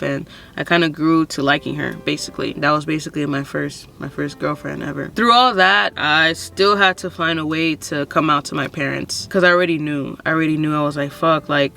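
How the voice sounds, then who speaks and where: Bright-voiced woman telling a frank story. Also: deep voice, vocal fry. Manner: frank, heavy swearing, lots of "like" and "you know". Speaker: vlogger. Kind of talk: casual personal storytelling.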